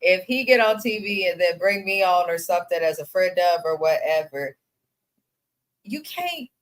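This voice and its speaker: A woman with a somewhat low voice, trading opinions in a casual recap chat. She speaks frankly and doesn't hold back her views on the cast. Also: animated, normal speed. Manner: opinionated, blunt commentary. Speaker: reality TV recap co-host.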